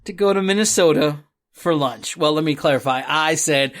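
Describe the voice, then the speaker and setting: A man's voice: on the high side, normal speed, gravelly, fairly bright tone. A man hosting a podcast, telling a rambling trip story with frequent laughs and swearing. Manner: laughs often, swears freely, rambling anecdotes. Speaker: podcast host. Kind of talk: casual storytelling chat.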